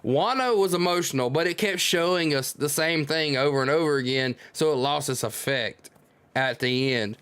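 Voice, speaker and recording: Male streamer, excitable reader-reactor, higher pitch, dry close sound. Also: moderate pace, clear, resonant tone, dry recording. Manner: excitable, exclaims and muses aloud. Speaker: streamer reading manga live. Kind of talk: live reading with casual reactions.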